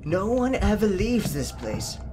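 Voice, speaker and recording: A woman's voice: medium pitch, very animated, unhurried, mellow, slight background noise. A woman playing a horror game and commenting on it, frustrated and swearing, often muttering to herself. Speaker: gaming video creator.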